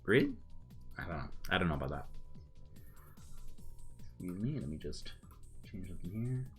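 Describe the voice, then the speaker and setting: A man's voice: low voice, sing-song, normal speed, a bit bright, faint music behind. A young Irish man giving casual commentary on chat logs, swearing freely and laughing often, with blunt asides. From Ireland.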